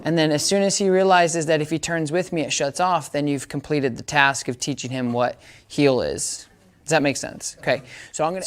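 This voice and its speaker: A man giving a casual dog training demonstration, explaining each step and often checking that listeners follow. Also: on the high side.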